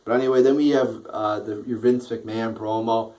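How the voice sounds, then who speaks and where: A tired man in a casual, profanity-laden rant reviewing a wrestling show, yawning and tripping over his words. His voice sits fairly low. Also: fairly even intonation, moderate pace, mellow, far from the mic, low-quality recording. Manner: tired, profane, rambling with restarts and yawns. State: sleepy, yawning.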